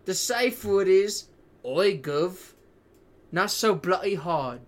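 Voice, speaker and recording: A man putting on a lewd mock-British gentleman with an exaggerated fake British accent. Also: high voice, animated, slow, voice pushed up. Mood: leering.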